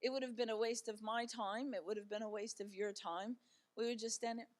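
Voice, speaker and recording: A middle-aged woman giving a talk as a guest speaker, telling personal stories in a conversational, animated way with frequent fillers. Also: fairly high pitch, fairly quick. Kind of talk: personal storytelling talk to an audience. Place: church event.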